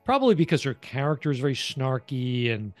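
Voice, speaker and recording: A man's voice: medium pitch, very animated, fairly quick, darkish tone, no echo, soft background music. A man co-hosting a casual review chat, speaking loosely with lots of "you know" fillers. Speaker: podcast co-host reviewing a TV series.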